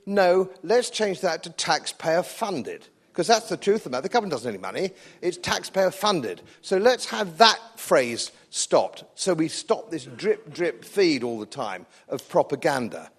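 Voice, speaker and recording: A man's voice: fairly high pitch, big pitch swings, normal speed, few pauses, breathy edge. Combative, sardonic English man giving a speech. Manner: combative, sardonic, repeats phrases for emphasis. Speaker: speaker at a public event. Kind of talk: live political speech.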